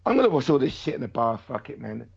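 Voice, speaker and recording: A man's voice: mid-range voice, sing-song, quick pace, creaky, husky. A man losing his voice, chatting casually and agreeably on a podcast. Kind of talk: casual chat. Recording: dull lo-fi sound.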